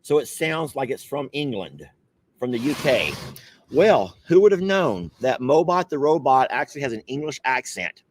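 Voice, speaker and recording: A man's voice: medium pitch, very animated, moderate pace, slight background noise. A man hosting a casual coffee chat, playful and teasing, laughing often. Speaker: host.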